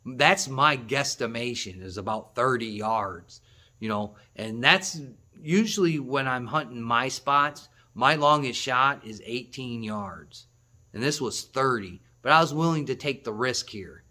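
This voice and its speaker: A man who runs a hunting channel tells the camera a story, rambling and excitable, laughing and starting over at times. His voice sits at a medium pitch and he doesn't hurry.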